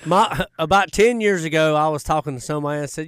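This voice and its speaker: A man's voice: fairly high pitch, fast talker, few pauses, a bit bright, clean tone, dry recording, clean studio sound. Folksy Southern male radio host. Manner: folksy storyteller, rambling. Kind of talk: casual radio chat. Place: radio studio.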